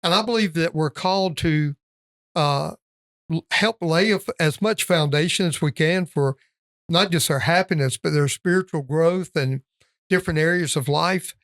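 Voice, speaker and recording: A man's voice: fairly high pitch, moderate pace, a bit bright, no echo, studio quality. Affirming male podcast host. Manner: affirming, frequent "yes" and "mm-hmm", reflective asides. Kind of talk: casual interview chat.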